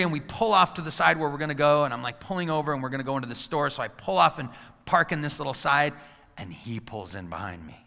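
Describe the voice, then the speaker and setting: Animated male motivational speaker in a hall. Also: a little high, fast, vocal fry. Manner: animated storytelling, acting out scenes, quizzing the audience. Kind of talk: motivational talk to a live audience. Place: hall with a live audience. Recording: long reverb of a large hall.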